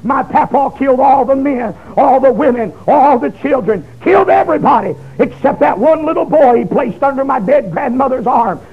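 A man preaching his testimony, emotional, swinging from shouts down to hushed low tones. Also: lively intonation, moderate pace, hardly any pauses, husky. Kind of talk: fiery testimony sermon. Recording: dull lo-fi recording.

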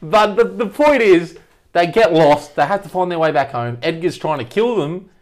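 A man's voice: high voice, expressive, normal speed. A man co-hosting a casual movie ranking chat, bluntly ranting and laughing through his complaints. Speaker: co-host.

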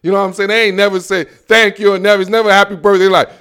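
A man with a high, bright voice hosts his own football show, bragging and riffing. He talks like an animated storyteller and keeps the audience close. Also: rapid-fire, clear, resonant tone. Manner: boastful, slangy, animated storytelling. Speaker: sports show host. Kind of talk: casual solo sports talk.

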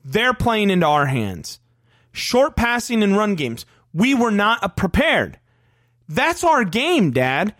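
A man's voice: high-pitched, a little slow, no room sound, studio quality. A man co-hosting a casual sports podcast, heated and profane as he rants about a loss. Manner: heated, profane, animated ranting. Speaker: podcast co-host.

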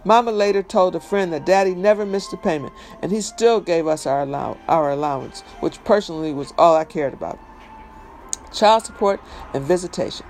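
High-voiced man reading a memoir. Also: fairly quick, darkish tone, soft background music. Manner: emphatic, conversational storytelling. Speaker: reader.

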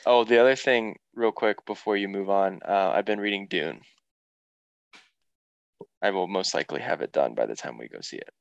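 A man's voice: sits low, normal speed, creaky, long pauses, no echo, highs cut off. A young man co-hosting a podcast, talking in a laid-back, joking way. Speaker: podcast co-host. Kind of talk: casual chat.

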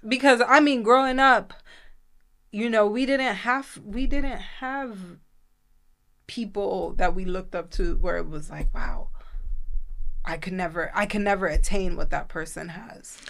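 A woman with a New York accent co-hosting a casual podcast chat, animated and opinionated. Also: mid-range voice, measured pace, vocal fry. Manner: animated, switches to loud playful outbursts. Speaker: podcast co-host.

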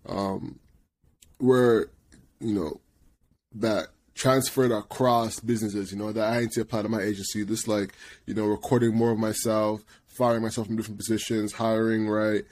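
Animated, laughing male podcast co-host. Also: fairly low pitch, normal speed. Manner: animated, laughs often, repeats words, acts out quotes loudly. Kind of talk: casual storytelling chat.

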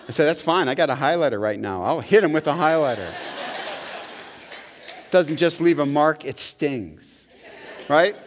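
A middle-aged male pastor preaching a conversational, animated sermon, often checking in with "right?". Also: mid-range voice, moderate pace, slight background noise. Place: church sanctuary. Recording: long hall reverb.

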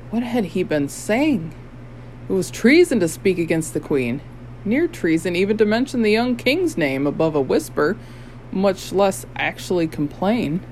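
An audiobook narrator reading a novel in measured, steady storytelling. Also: medium pitch, a little hiss or hum, low-quality recording. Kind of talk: scripted narration.

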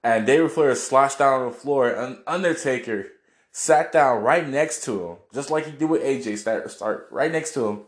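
A man's voice: medium pitch, moderate pace, reverberant. A man casually recapping a wrestling show on video, rambling, laughing and swearing as he goes. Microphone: camera mic, seen on video.

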